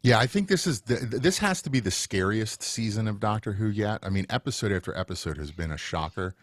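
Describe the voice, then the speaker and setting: A man's voice: fairly low pitch, lively intonation, fairly quick, no room sound. A man co-hosting a TV review podcast, chatting enthusiastically and rambling with fillers. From United States. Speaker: podcast co-host. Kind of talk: casual chat.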